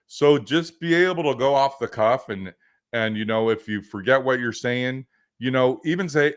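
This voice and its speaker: A man's voice: medium pitch, moderate pace, clean tone. Man coaching off the cuff on a livestream. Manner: casual, rambling, filler-heavy with joking asides. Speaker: business coach hosting a livestream.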